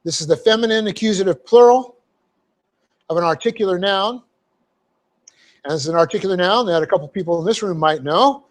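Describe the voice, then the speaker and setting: A man's voice: sits high, a little fast, pauses often. A man preaching in a church, teaching a Bible verse methodically, spelling out Greek words letter by letter and often checking in with "okay?". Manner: frequent fillers and "okay?" check-ins. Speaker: pastor. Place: church sanctuary.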